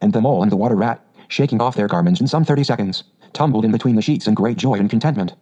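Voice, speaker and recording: A man reads a storybook aloud in a measured, gentle way. His voice is mellow and dark. The recording sounds a little dull. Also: on the low side, breathy edge. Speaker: narrator. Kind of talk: storybook reading.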